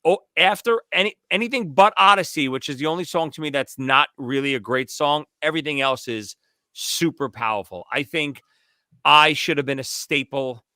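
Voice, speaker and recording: Bright, emphatic podcast co-host. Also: male voice, mid-range voice, no echo, clean studio sound. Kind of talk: casual chat.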